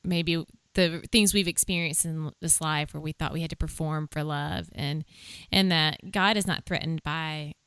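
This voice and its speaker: A woman hosting a faith podcast, calm and measured as she reflects. Her voice is fairly low, smooth and clear, recorded close and dry at a kitchen table. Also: no room sound. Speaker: podcast host.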